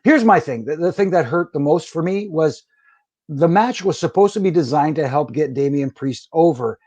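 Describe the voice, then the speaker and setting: A man's voice: on the high side, expressive, normal speed, a little mellow, muffled recording. A middle-aged man, a former wrestling referee, talking frankly as a guest in a casual interview, often restarting his sentences. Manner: frank, plainspoken, with frequent restarts.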